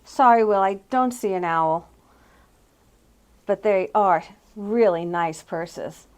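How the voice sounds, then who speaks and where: A woman's voice: medium pitch, slow pace. A middle-aged woman hosting a casual tour of antique and thrift shops, pointing out items with fond admiration. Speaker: host touring antique shops. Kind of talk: casual walking shop tour.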